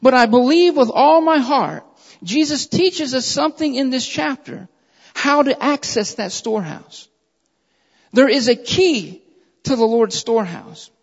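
A man preaching a sermon who reads scripture aloud in a measured way and presses his points with repeated phrases, calling his listeners beloved. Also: very high-pitched, expressive, creaky. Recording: dull lo-fi recording in a reverberant hall.

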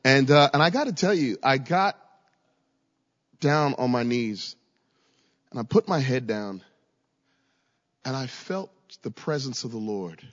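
In an echoey hall, captured in dull lo-fi audio, a Virginia preacher tells a story during his sermon. His mid-range voice is expressive and measured, with long pauses, frequent stammered repetitions, and abrupt rises into shouting.

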